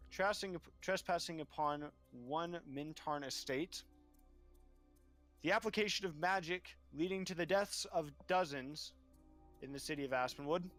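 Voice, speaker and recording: A man's voice: a little high, fairly bright tone, voice pushed up, natural voice. Man voicing a stern male magistrate. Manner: formal, pronouncing sentences. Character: stern male city magistrate reading charges.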